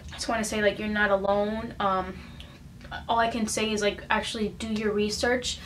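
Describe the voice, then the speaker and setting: A woman's voice: mid-range voice, flat delivery, normal speed, a bit bright, a little hiss or hum. A young American woman talking in a personal vlog, earnest and emotional, with many fillers and restarts. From United States. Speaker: vlogger. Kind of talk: casual personal vlog talk.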